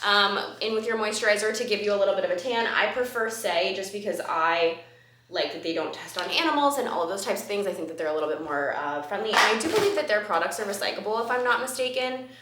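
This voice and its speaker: A woman's voice: mid-range voice, expressive, fast talker, noisy background. A woman in her twenties chatting casually to camera about beauty products in her apartment, rambling with lots of ums. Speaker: beauty vlogger. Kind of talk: casual haul chat to camera. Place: apartment living room. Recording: roomy echoey room.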